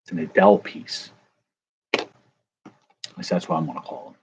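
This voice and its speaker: A card-breaking vlogger talks at normal speed while unwrapping baseball cards for his viewers. His commentary is casual, jokey, and rambling. A little hiss or hum mixes with dull lo-fi sound and faint ambience.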